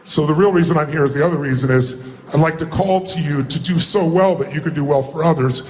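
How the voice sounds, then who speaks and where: A man's voice: fairly high pitch, fast talker, a little mellow, a little hiss or hum. A man giving a motivational speech, telling a personal story in an earnest, emphatic way. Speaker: motivational speaker.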